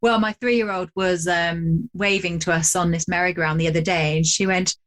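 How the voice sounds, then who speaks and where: A woman's voice: fairly low pitch, fairly even intonation, normal speed, a bit bright. A woman co-hosting a podcast in casual chat, teasing and upbeat. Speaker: podcast co-host.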